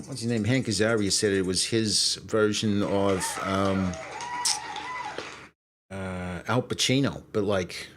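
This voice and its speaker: A man hosting his stream in a relaxed, meandering way with a lowish voice. He stops and starts often and circles back as he talks. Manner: rambling, halting, with frequent fillers. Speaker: streamer host. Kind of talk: casual live-stream chat.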